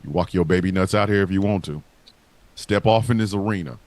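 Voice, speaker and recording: A man's voice: sits low, fairly quick, darkish tone, no room sound. A man hosting a live podcast, ranting and taunting in a profane, comedic trash-talk. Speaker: podcast host.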